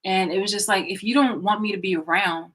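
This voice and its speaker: A woman's voice: mid-range voice, steady tone, brisk, fairly bright tone, low-quality recording. A woman telling a personal story in a casual, rambling way from a room in her home, blunt and full of fillers and restarts. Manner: blunt, profane and emphatic. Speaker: vlogger.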